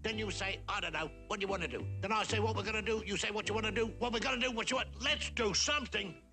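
Bored cartoon vulture. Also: male voice, sits high, fast talker. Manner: idle, aimless back-and-forth banter. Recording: old animated film clip with music.

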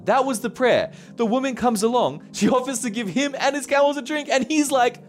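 A man preaching a sermon as pastor, conversational and animated, laughing often as he talks. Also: very high voice, fast, hardly any pauses, faint music behind.

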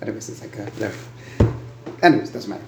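A man's voice: fairly low pitch, animated, racing, roomy sound, background noise. A man teaching a Talmud lesson. He stops and starts, repeats words and often asks "right?".

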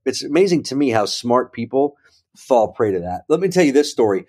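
This man, a professor who gives talks, speaks a little fast at medium pitch while telling a story in a conversational interview; he's animated and regularly asks "right?" or "okay?" to engage the listener.

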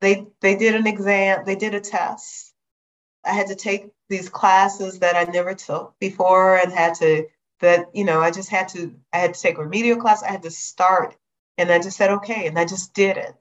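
A middle-aged woman from Chicago, a guest telling her life story in a lively, animated way. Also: mid-range voice, normal speed. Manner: lively, animated retelling with acted quotes. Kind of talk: storytelling interview. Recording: dull lo-fi sound.

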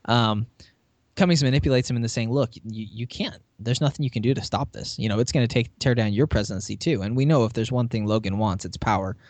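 A man's voice: mid-range voice, fast, darkish tone, dry recording. A man co-hosting a podcast, chatty and full of "you know", retelling a TV episode with laughs. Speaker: podcast co-host. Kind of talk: casual chat recapping a TV episode.

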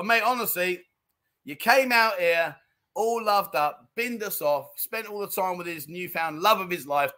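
A man's voice: high-pitched, sharp tone. A man hosting a casual livestream, reading out viewer comments with jokey, self-mocking, chummy banter. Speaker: livestream host.

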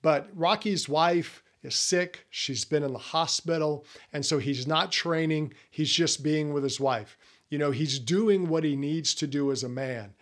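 A man's voice: a little high, a little slow. A middle-aged man giving an earnest faith-based talk to men, speaking to the listener in a personal way.

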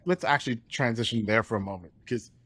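A man's voice: mid-range voice, quick pace, fairly bright tone, no room sound. A man hosting a casual interview, who agrees often and reflects back on what the guest says. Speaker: host.

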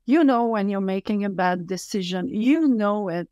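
A woman's voice: medium pitch, mellow, clear, resonant tone, no echo, lo-fi sound. A woman in her fifties from Quebec City, speaking English with a French Canadian accent as a guest in a casual interview, blunt and emphatic. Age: 50s. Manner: blunt, emphatic, deliberate phrasing.

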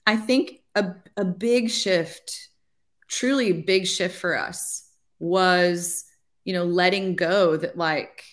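A woman's voice: fairly low pitch, takes it slowly. A woman in her forties, a ministry leader, telling her story in an interview, chatty and full of "like", acting out her past thoughts. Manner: chatty, says "like" often, acts out her own past thoughts. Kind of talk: conversational testimony.

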